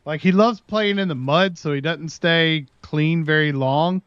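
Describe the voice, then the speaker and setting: A man's voice: on the high side, a little slow, fairly bright tone, smooth, no echo, dull audio. A man chatting casually on his livestream, telling a long rambling story and talking to his dog in between. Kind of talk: casual chat with stream viewers.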